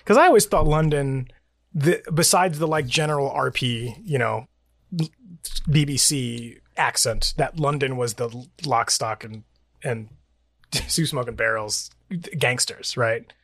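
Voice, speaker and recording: A man's voice: mid-range voice, measured pace, a bit bright, dry recording, studio quality. A man from the United States co-hosting a podcast in casual chat, rambling and laughing often. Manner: rambling, restarts, laughs a lot. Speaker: podcast co-host.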